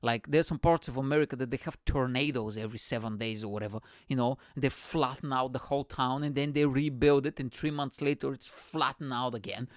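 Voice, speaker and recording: A man's voice: mid-range voice, fairly quick, hardly any pauses, no echo, clean studio sound. A man from Bulgaria hosting a podcast, delivering a rambling, profane comedic monologue with lots of energy. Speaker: podcast host.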